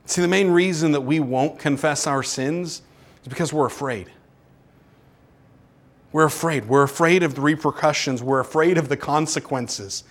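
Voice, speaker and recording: A male pastor delivers a sermon in a fairly high voice. He presses his listeners with repeated rhetorical questions, surging to urgent heights and then dropping low and quiet. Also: moderate pace. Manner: preaching with rising intensity and repeated rhetorical questions.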